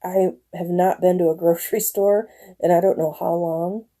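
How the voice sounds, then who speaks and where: A woman in her forties chats with her viewers at home, rambling from one thing to the next and breaking into easy laughter. Her voice is very mellow and a little low. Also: fairly even intonation. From northern Michigan. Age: 40s. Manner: chatty, rambling, quick to laugh. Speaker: live-stream host. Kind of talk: casual chat with viewers.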